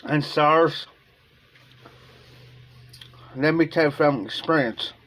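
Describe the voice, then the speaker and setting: A man's voice: fairly high pitch, slow, a bit bright. A man from Ohio talking casually on a livestream in a rambling, emotional way, often repeating himself. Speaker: live streamer.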